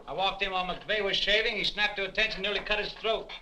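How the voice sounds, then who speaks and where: A man playing a young army sergeant in a 1950s film, brisk and commanding as he gives orders. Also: high-pitched, bright, forceful tone. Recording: noisy old film soundtrack.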